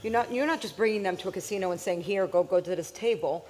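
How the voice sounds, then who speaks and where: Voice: mid-range voice, a little mellow. An interviewer on stage asking questions in a chatty way and laughing often. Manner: chatty, laughs often, quick back-channel replies.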